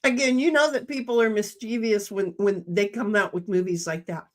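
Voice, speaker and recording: A woman's voice: medium pitch, fairly even intonation, fairly quick. An older woman co-hosting a casual livestream, reading chat messages aloud in playful voices.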